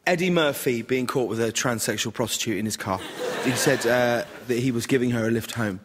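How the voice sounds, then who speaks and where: A man's voice: mid-range voice, fairly quick, noisy background. A man as a guest on a radio comedy panel show, telling anecdotes animatedly with bursts of laughter.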